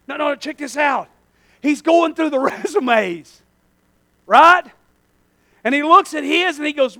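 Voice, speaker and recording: High-voiced, bright male preacher. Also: expressive, a little slow, vocal fry, pauses often. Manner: swings from quiet asides to shouted exhortation. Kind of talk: sermon. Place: church.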